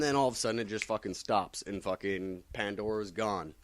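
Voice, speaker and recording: A man's voice: fairly low pitch, fairly even intonation, moderate pace, hardly any pauses, no room sound. A man casually recapping comics, rambling and swearing constantly with lots of fillers. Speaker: comic book vlogger.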